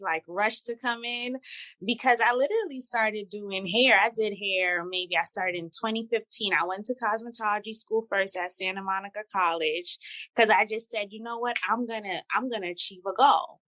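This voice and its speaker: A woman's voice: mid-range voice, no room sound, rough recording. A woman with a New York accent from Brooklyn, a podcast guest talking frankly and casually. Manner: lively, frank, switches between speech registers. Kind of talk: candid casual conversation.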